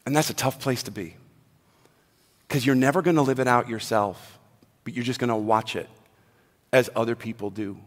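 A pastor delivering a sermon in a casual, conversational way, swinging from hushed asides to loud, emphatic points. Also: male voice, medium pitch, moderate pace, pauses often. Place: church sanctuary. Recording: long hall reverb, faint music behind.

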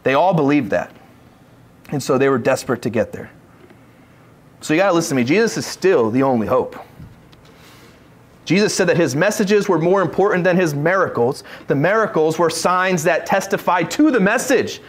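A man's voice: fairly high pitch, expressive, normal speed, pauses often. A male pastor giving a sermon, reading scripture aloud and acting out the pleas of the people in the stories. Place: church sanctuary.

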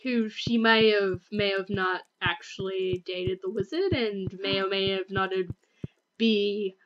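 A woman's voice: mid-range voice, a little slow, muffled recording, noisy background. A young Australian woman hosting a casual gaming session, chatty and playful as she guides her friend through the game. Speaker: gaming channel host. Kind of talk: casual gameplay chat.

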